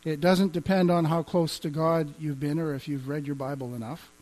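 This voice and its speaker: A man's voice: on the high side, fairly even intonation, normal speed, a little mellow, rough recording. A man teaching as a pastor, speaking conversationally, quoting scripture and chuckling now and then. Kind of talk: teaching on healing and faith.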